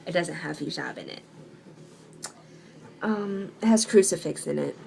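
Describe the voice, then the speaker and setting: A woman's voice: sits low, animated, a little slow, vocal fry, a little mellow, slight background noise. A young woman talking in a casual video monologue at home, sarcastic and hesitant with many ums. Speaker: vlogger.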